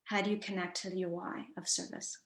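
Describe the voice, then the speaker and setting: A woman's voice: fairly low pitch, flat delivery, brisk, roomy sound. A woman coach telling a personal story in a conversational, reflective way, with frequent fillers and restarts. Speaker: guest coach.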